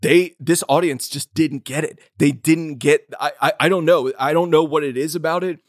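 A man's voice: a little high, fairly even intonation, normal speed, no room sound. Laid-back rambling man on a dry podcast mic. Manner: loose and rambling, heavy on filler words, swears freely. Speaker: podcast co-host. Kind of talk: casual chat.

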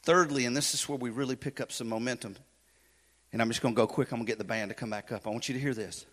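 A male pastor preaching a sermon in a church, swinging from loud urgency to hushed intensity, with folksy joking asides. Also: mid-range voice, steady tone, fast talker. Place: church sanctuary. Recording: long hall reverb.

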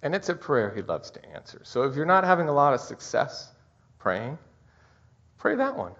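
A middle-aged male pastor delivers a heartfelt Christmas sermon in a husky, slightly raspy voice. His pitch swings widely as he speaks, halting and tender at moments. The recording sounds dull and muffled. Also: very animated, a bit bright. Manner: heartfelt, halting, tearful at times.

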